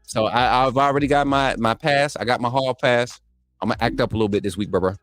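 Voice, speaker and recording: A man's voice: medium pitch, fairly even intonation, a little fast, a bit bright, no room sound, clean studio sound, faint music behind. A man with an Alabama accent hosting a live call-in sports stream, reading super chats in a hyped, trash-talking, playful way. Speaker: live stream show host.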